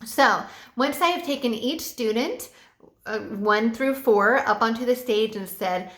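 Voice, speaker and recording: A woman who teaches English online, giving a relaxed, chatty tutorial with a few fillers. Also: fairly high pitch, a little slow, echoey room. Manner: bubbly sing-song teacher voice when quoting her class. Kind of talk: casual tutorial vlog.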